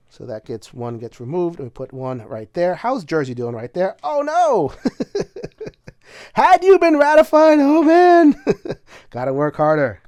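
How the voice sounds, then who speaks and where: A man's voice: medium pitch, darkish tone, no room sound, studio quality. A man casually talking through a solo board game, chatty and full of filler words, bursting into laughter now and then. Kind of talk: casual solo playthrough commentary.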